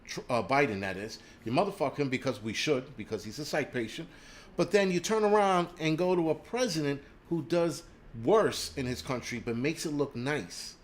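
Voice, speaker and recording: A man's voice: on the high side, moderate pace. A man hosting a livestream, ranting angrily and profanely, stopping to read out viewer comments and donations. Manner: reads viewer names and donations aloud. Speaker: livestream host.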